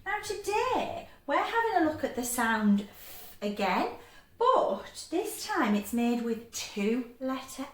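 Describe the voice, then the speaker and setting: High, echoey woman teaching phonics. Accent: English. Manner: bright and encouraging, stretches sounds out slowly. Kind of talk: phonics lesson for young children.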